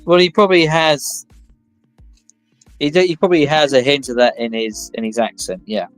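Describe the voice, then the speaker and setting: A man's voice: fairly high pitch, fairly even intonation, normal speed, dry recording. Southern english man, easygoing casual chat, dry sound, faint music behind. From southern England. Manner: easygoing, reassuring, many short agreements.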